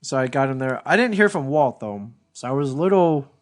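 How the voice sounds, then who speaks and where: A man's voice: medium pitch, animated, a little fast. A man in his thirties co-hosting a podcast, telling a rambling story in casual chat and swearing freely. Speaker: podcast co-host.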